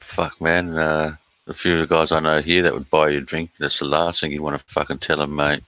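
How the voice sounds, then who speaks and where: A middle-aged Australian man chatting casually on a live stream, reading chat aloud, blunt and sweary with many filler pauses. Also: very deep voice, little pitch movement, sharp tone, no room sound, low-quality recording.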